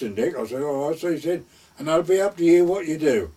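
A man's voice: on the high side, a little fast, dark tone, slightly rough, distant mic. An older man casually reminiscing in a rambling retelling, repeating "I said" and "he said.". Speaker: storyteller.

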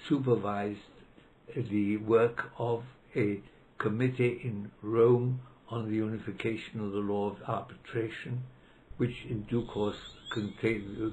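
An older man, a retired law professor whose first language isn't English, recalls colleagues in an oral history interview, hesitating often and acting out quotes in a raised voice as he tells anecdotes. His voice is fairly low and darkish, on a rough recording with slight background noise.

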